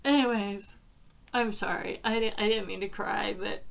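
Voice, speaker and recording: A card-making crafter hosts a casual vlog, chatting warmly and laughing often. Her voice is medium in pitch and creaky, with fairly even intonation and a normal speed.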